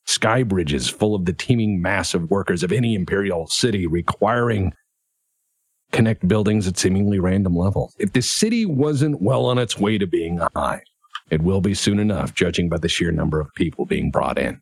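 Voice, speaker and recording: A man's voice: deep voice, lively intonation, normal speed, gravelly, husky, no echo. A man running a tabletop role-playing game as game master, narrating the scene in a descriptive, profane way. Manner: descriptive, profane, laughs easily.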